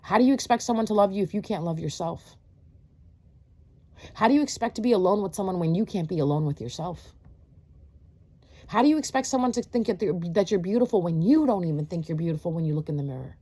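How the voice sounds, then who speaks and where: With a husky, mellow, fairly low voice, lively intonation, and a quick pace, a tarot reader lectures her audience. The monologue is casual yet preachy and blunt, packed with swearing, rhetorical questions, and fillers.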